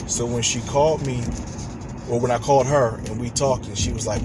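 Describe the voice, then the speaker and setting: A man talks earnestly into the camera from a parked car, rambling along with restarts as he gives relationship advice. His voice sits at a middle pitch, and faint car and road noise hums behind him. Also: moderate pace. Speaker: vlogger giving relationship advice. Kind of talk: casual direct-to-camera talk.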